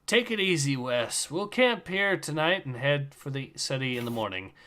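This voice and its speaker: Chill rebel pilot guy, a man reading him off the comic page, bright forward voice, no big acting. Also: medium pitch, lively intonation, moderate pace. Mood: reassuring.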